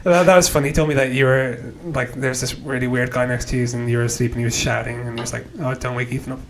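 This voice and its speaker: A man's voice: mid-range voice, little pitch movement, fast talker, noisy background. A young man co-hosting a podcast, laid back in casual chat, adding short remarks and asides. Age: young adult. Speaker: podcast co-host.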